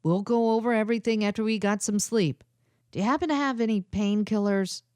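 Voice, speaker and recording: A woman's voice: mid-range voice, a little fast, a little mellow, clean tone, no echo, studio quality, lightly acted. A woman voicing an injured man who sounds tired and practical. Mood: weary.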